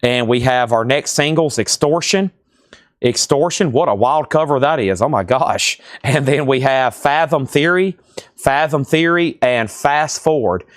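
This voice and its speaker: A man hosting a live record auction from a store, reading titles off fast and tossing in sarcastic asides. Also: medium pitch, dry recording, clean studio sound. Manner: rapid-fire listing, joking and sarcastic asides. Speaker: live sale host.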